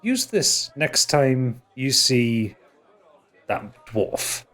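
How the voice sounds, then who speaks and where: A man voicing a wary, secretive female elven ranger in a tabletop game, in a blunt, low-key way. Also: big pitch swings, extremely slow, a bit bright, some chatter behind, full character voice. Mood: guarded.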